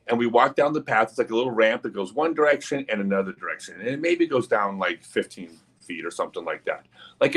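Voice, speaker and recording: A man hosting a livestream, telling a long story in an animated, casual way with lots of asides. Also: on the low side, breathy edge. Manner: animated, many fillers and asides. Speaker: livestream host.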